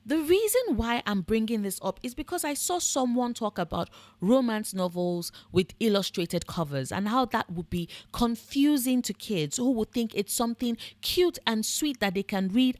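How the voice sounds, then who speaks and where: Woman, sardonic commentary host, blunt and profane, mid pitch, dry close-miked sound. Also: animated, moderate pace, darkish tone, no room sound. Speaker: book and fandom commentator. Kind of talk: scripted commentary monologue.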